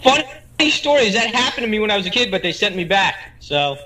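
A man on a casual podcast, dropping deadpan quips. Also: high voice, brisk, poor audio. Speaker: podcast guest. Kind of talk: casual chat.

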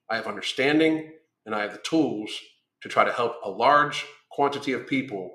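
A man's voice: mid-range voice, pushed and bright, echoey room. A man who is a weight-loss coach, delivering a blunt, combative monologue full of swearing. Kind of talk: profane ranting monologue.

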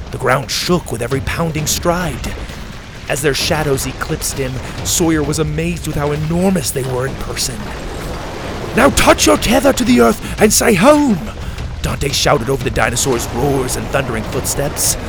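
Man calmly narrating a kids' adventure. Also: a little high. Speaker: storyteller. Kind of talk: scripted narration of a children's adventure story.

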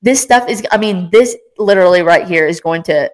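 A woman's voice: fairly low pitch, a little fast, rough recording. A young woman hosting a casual faith podcast, talking with passion and energy in a rambling, encouraging way. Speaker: podcast host.

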